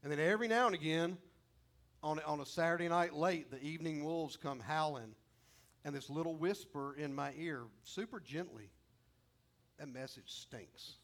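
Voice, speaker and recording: Male pastor, middle-aged, sermon delivery with loud emphatic bursts and hushed drops, slightly higher voice. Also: moderate pace. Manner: rising to loud emphatic peaks, then dropping low and quiet.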